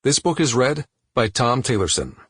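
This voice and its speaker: A man narrating an unabridged thriller audiobook in a measured, steady reading voice. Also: mid-range voice, breathy edge, no echo, studio quality.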